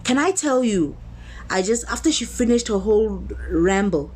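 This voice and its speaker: Woman minister, mid-range voice, conversational but emphatic preaching, leans on repetition and slowed-down stress. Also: medium pitch, lively intonation, a little mellow, a little hiss or hum. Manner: conversational and emphatic, slowing to stress key words; builds points through repetition. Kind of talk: motivational sermon-style talk.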